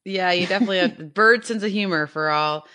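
A woman co-hosting an animal podcast in easy conversation. Her voice sits a little low but sounds bright and forward, and she is eager and chatty, laughing as she goes. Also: a little fast. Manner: enthusiastic, chatty, laughs often. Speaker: podcast co-host. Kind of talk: casual chat.

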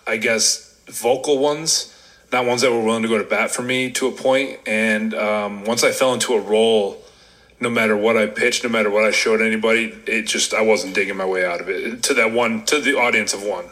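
Man, bright forceful voice, casual interview, candid rambling storytelling. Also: on the low side, fairly even intonation, normal speed, poor audio. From Rochester, New York. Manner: candid, rambling, self-deprecating. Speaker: guest, former wrestler.

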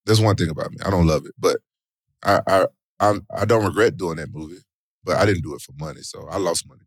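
Animated low-voiced man telling stories. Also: fast talker, slightly rough, no echo, clean studio sound. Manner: animated storytelling, loud exclamations, slangy. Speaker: interview guest, former fighter and actor. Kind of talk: casual interview talk.

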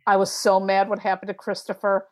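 Her medium-pitched voice runs fairly quick as this middle-aged tarot reader chats on a podcast. Animated, she tells stories and performs the things she herself said.

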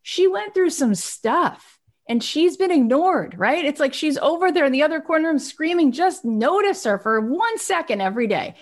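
A woman with a somewhat high voice delivers an earnest self-help talk. She leans hard on her points, then softens her voice, then lifts it again. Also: normal speed. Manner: earnest, emphatic, swings between soft and animated. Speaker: inspirational speaker.

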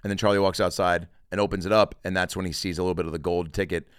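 A man's voice: low-pitched, little pitch movement, rapid-fire, smooth, no echo, studio quality. A man hosting a comedy podcast, chatting casually and rambling in a jokey way, also doing an ad read. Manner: rambling, jokey, lots of fillers.

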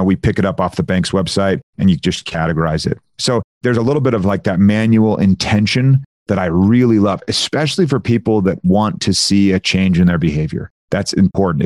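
Low-voiced man explaining budgeting, dry mic. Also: dry recording. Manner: animated, explanatory, lots of "like" and "you know". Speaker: budgeting software founder, guest. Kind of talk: casual interview conversation.

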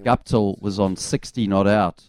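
A middle-aged man with a New Zealand accent, co-hosting a sports radio show and telling relaxed, self-deprecating stories. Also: on the low side, unhurried, no room sound. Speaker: radio co-host, former cricketer. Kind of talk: casual sports radio chat.

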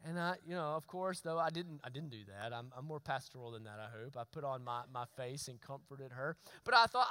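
A man, preaching a sermon and telling a story with lively, sometimes shouted asides. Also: mid-range voice, fairly quick, hardly any pauses, clean tone, no echo, rough recording. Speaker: pastor.

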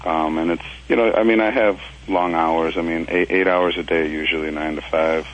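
A man's voice: deep voice, fairly even intonation, normal speed, slight background noise, rough recording. A man from Minnesota calling in to a radio show about his dog, hesitant and full of ums. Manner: hesitant, lots of ums, laughs easily. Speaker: caller. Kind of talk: phone-in call.

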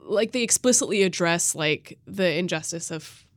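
Female podcast guest, lower pitch, measured and hesitant. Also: no echo. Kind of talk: casual chat.

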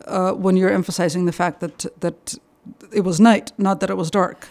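A woman's voice: mid-range voice, steady tone, mellow. Thoughtful older woman. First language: Russian. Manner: thoughtful, explains at length with frequent pauses to find the word. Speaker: translator and guest. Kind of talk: interview conversation.

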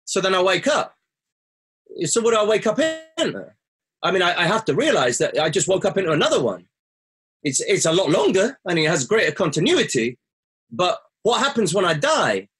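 A man's voice: sits high, sing-song, normal speed, a bit bright, husky. A man telling a personal story as a guest. He talks earnestly and reflectively, and his voice jumps up when he quotes his own words. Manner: earnest, rises sharply when quoting himself.

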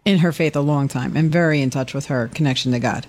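A woman's voice: deep voice, fast talker. A woman in casual on-air chat, telling a story and acting out the voices of the people in it. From Irish Catholic family. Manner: animated, acts out quoted voices, laughs often.

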